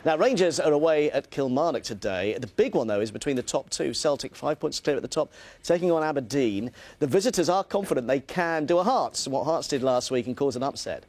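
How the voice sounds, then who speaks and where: A man presenting the sports news on breakfast television, brisk and bright, with light banter between items. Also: a little high, expressive, dry recording.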